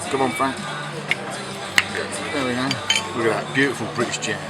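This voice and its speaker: Brief: male travel vlogger, mid pitch, tongue-in-cheek and rambling, loud music behind. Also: steady tone, moderate pace, over a noisy crowd, low-quality recording. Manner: jokey, mock-patriotic, rambling.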